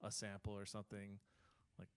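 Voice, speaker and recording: Smooth-voiced man telling studio stories. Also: on the low side, fairly quick. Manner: relaxed, storytelling with lots of fillers. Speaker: producer and studio co-host. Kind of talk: casual studio chat.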